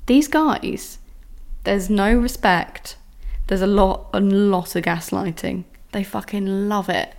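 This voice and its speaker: Exasperated young woman ranting, gravelly. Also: mid-range voice, takes it slowly, darkish tone. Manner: exasperated, swears often, mimics men's voices. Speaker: podcast host. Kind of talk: casual solo podcast rant.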